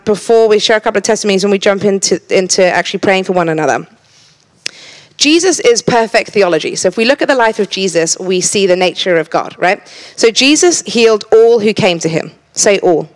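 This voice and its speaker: A woman's voice: mid-range voice, lively intonation, a little fast. A woman preaching a sermon in a church, earnest, often repeating words as she starts a thought and teasing the congregation now and then.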